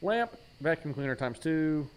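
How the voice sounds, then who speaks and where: A gaming streamer plays a horror game in a casual let's-play, joking around, mocking himself and naming items aloud as he finds them. His voice is fairly high with big pitch swings, delivered at a measured pace over slight background noise.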